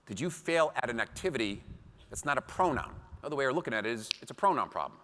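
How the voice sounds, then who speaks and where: A man giving a seminar talk to a live audience, telling animated stories with acted quotes. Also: medium pitch, fast. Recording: long hall reverb.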